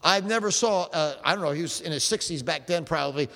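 A man with a notably high voice tells rambling, folksy stories in a sermon, tossing in "amen" as he goes. His voice carries the long reverb of a large hall. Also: fast, gravelly, fairly bright tone. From South Jersey. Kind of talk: storytelling sermon.

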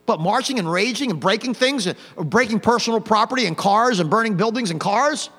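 Pastor, hellfire sermon, mocking asides; high, animated voice, big hall reverb. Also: male voice, a little fast, breathy edge. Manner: swings from quiet to loud, mocking asides. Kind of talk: old-fashioned hellfire sermon.

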